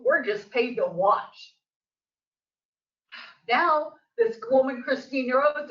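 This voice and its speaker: A woman's voice: high-pitched, fairly bright tone. An older woman, a local resident giving public comment at a board meeting, telling her story in an agitated, emphatic way. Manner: agitated, emphatic storytelling, voice rising toward the end. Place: district office meeting room. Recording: distant, echoey, dull meeting-room audio.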